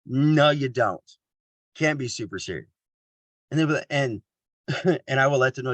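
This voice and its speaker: A man's voice: mid-range voice, expressive, measured pace, dry recording. A man from Kansas giving a casual motivational talk on a video call, joking at his own expense and laughing often.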